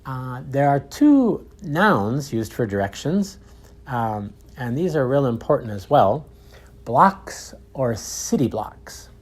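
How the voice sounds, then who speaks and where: A man teaching English, with clear, deliberate repeat-after-me drills. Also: mid-range voice, sing-song. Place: outdoors in a park.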